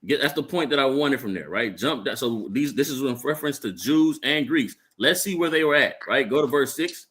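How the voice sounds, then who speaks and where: A man's voice: mid-range voice, lively intonation, brisk, few pauses, fairly bright tone. A man leading a Bible class, explaining scripture and checking in with "right?" as he goes, often stumbling over repeated words. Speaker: Bible teacher. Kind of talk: street-style Bible class teaching. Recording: live stream.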